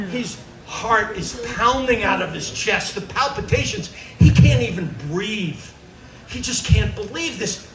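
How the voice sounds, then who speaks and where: A man performing a stand-up storytelling set, animated as he acts out the tale. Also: high-pitched, measured pace. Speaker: comedian. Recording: echoey stage from far off with noise.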